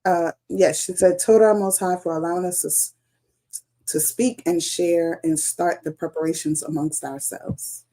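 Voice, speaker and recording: A woman in an online congregation reads a written message aloud. Her voice is mellow and a little low. It sounds like a computer mic on a live stream. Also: fairly even intonation, moderate pace. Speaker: congregation member.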